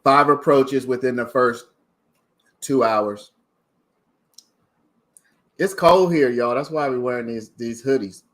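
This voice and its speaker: A man's voice: mid-range voice, slow, long pauses. A man from Maryland hosting a casual livestream, chatting and reading out viewer comments. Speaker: livestream host.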